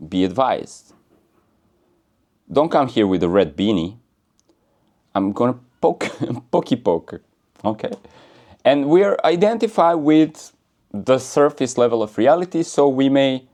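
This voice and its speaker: A man's voice: lowish voice, a little mellow. A man giving a casual, rambling spiritual talk in a playful, joking way and laughing often. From United States. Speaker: spiritual speaker.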